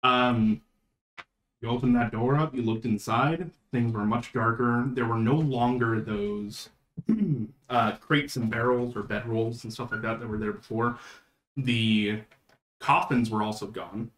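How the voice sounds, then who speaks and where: A man's voice: mid-range voice, fairly bright tone. Man running a tabletop game, roomy echo. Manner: measured scene-setting narration. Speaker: game master.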